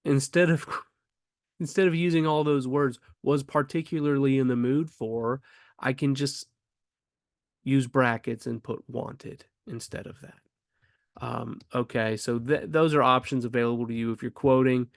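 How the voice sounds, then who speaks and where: A man's voice: medium pitch, steady tone, unhurried, vocal fry, no room sound, studio quality. A man teaching grammar casually, thinking aloud with frequent ums and restarts. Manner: rhetorical questions asked with rising emphasis.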